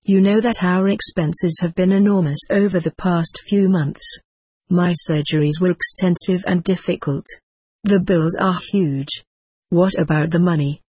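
A frail, devout widowed mother pleads softly and slowly with her child, as a woman narrator gives her voice. The tone sits lowish and breathy, close and dry with no room around it, gentle and earnest throughout. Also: fairly even intonation, no echo. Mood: anxious. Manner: slow, tender, pleading. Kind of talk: audiobook character reading.

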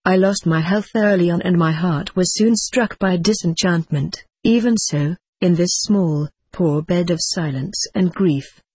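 A woman voicing an ailing, devout widowed mother who speaks slowly and tenderly, read as part of an audiobook. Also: lowish voice, a little mellow, slightly rough, dry recording. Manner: slow, tender, pleading. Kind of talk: audiobook character reading.

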